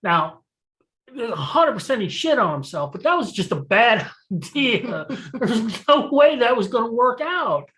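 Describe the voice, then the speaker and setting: Animated, profane podcast storyteller. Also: medium pitch, a little slow, poor audio. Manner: animated storyteller, profane, laughs while telling. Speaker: podcast co-host. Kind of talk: casual chat.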